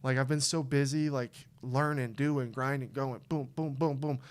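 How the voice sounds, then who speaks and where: A young man talking casually on a podcast, his voice smooth and resonant. He rambles with restarts and flares into loud, excited bursts, then drops to low, muttered asides. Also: moderate pace. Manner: excitable, swings from low mumble to loud outbursts. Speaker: podcast co-host. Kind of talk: casual chat.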